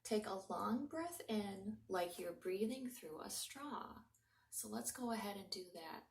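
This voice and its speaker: Slow, gentle woman leading breathing. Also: mid-range voice, lively intonation, vocal fry. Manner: soft, slow and encouraging, sometimes dropping to a whisper. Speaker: children's librarian leading a mindfulness story time. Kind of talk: gentle guided breathing lesson for young children. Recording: roomy home recording from a distance.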